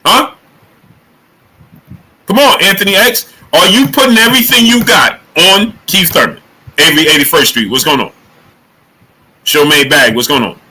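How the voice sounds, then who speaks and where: On his live boxing stream, this host speaks at a moderate pace with a fairly high pitch, pausing often as he calls out chat viewers by name. Energetic and emphatic, he keeps repeating the same question at them, and the recording quality is low.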